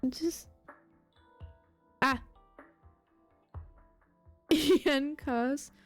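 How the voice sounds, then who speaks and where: A woman's voice: high voice, drawn-out words, faint music behind. A woman live streamer in casual, rambling chatter, swearing and mocking herself as she goes.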